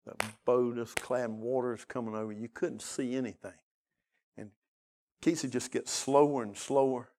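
A man's voice: medium pitch, steady tone, moderate pace, darkish tone. A man pastor telling an emotional personal story in a sermon, then pressing his church with urgent questions and a prayer. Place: church sanctuary.

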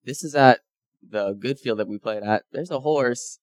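A man's voice: medium pitch, normal speed, dry recording. A man casually telling a group about a mission trip, acting out the people he quotes. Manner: animated, acts out quoted dialogue. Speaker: mission trip member sharing photos.

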